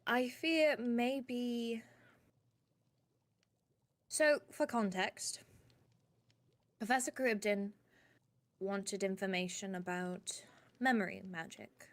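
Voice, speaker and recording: A woman streamer speaking in character during a roleplay, chatty and sometimes dropping to hushed asides while sharing gossip. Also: on the high side, slow pace, pauses often.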